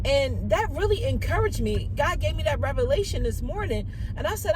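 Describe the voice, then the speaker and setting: A woman's voice: high-pitched, sing-song, a little fast, hardly any pauses, noisy background. A woman vlogger in casual, chatty storytelling with many fillers, giving faith-based encouragement. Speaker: Christian vlogger.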